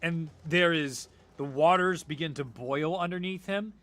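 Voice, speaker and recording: A young man acting as game master, narrating a tabletop game with lively, animated energy and casual swearing. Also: a little high, a little slow.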